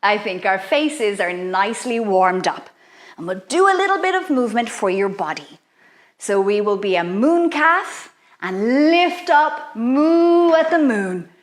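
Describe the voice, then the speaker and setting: A woman leading a playful children's activity, guiding young listeners through chants and spells in an animated, sing-song way. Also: mid-range voice, unhurried. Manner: animated, sing-song, exaggerated sounds for kids. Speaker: children's workshop leader.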